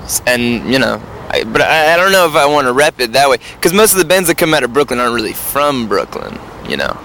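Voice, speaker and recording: Young male musician, bright tone, deadpan and hesitant, faint street noise around him. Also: mid-range voice. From New York. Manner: dry, halting, deadpan humor. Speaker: band member. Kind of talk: casual interview chat.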